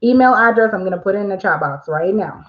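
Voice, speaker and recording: Woman host, casual livestream explainer, chatty, mid pitch, slightly muffled lo-fi audio. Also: expressive, fast. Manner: chatty, reads viewer questions aloud, frequent fillers.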